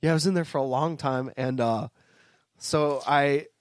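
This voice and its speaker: A man's voice: medium pitch, moderate pace, no echo, studio quality. A man co-hosting a podcast as a guitarist, rambling in casual chat with frequent swearing. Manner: rambling, swears and laughs a lot.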